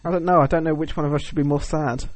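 A man's voice: fairly high pitch, steady tone, very fast, no room sound. A man co-hosting a podcast, chatting casually with a wry, self-deprecating manner. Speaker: podcast co-host. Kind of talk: casual chat.

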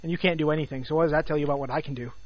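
High-voiced man chatting and giggling. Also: steady tone, racing, dry recording. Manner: chatty, giggly, laid-back. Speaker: podcast co-host. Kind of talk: casual chat. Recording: dull lo-fi sound.

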